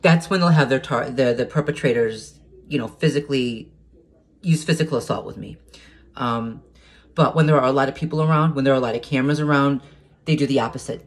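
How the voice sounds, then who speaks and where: A man talking to camera in a casual monologue, agitated and hesitant, stumbling over restarts and repeated words and swearing heatedly. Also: medium pitch. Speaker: vlogger.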